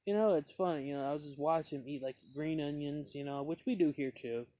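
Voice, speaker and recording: Man, casual rambling storyteller, mellow tone, dry close sound. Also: a little high, quick pace, no room sound. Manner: meandering, heavy on fillers and restarts. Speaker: pipe tobacco reviewer.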